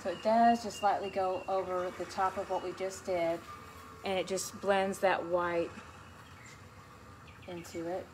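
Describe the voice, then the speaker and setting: Her voice lowish and a little mellow, a painting instructor teaches a beginners' class in a relaxed, step-by-step tutorial, chatty and encouraging about each brushstroke. She keeps a steady tone and measured pace with long pauses, over noticeable background noise.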